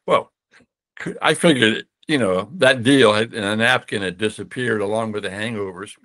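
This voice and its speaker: An older man from the United States tells a long story as a podcast guest. He backtracks and restarts often and gets lively whenever he quotes someone. The sound is close and dry, with no room around him. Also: on the low side, moderate pace, dry recording. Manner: rambling, many restarts, animated when quoting others. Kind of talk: storytelling interview.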